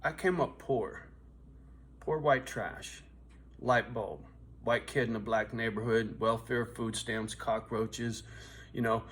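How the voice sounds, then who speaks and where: A man's voice: medium pitch, steady tone, a little slow, a bit bright. A man in his fifties telling a blunt, profane, streetwise story in a vlog, asking "right?" again and again. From US West Coast. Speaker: vlogger.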